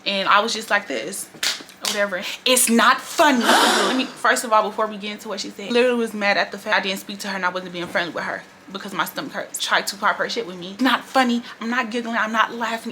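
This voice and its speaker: A woman recounts a workplace story straight to her viewers in loose, profane storytime chat. Her voice is bright and edged, and her delivery stays blunt and animated. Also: medium pitch, a little hiss or hum. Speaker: storytime vlogger. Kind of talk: casual storytime monologue.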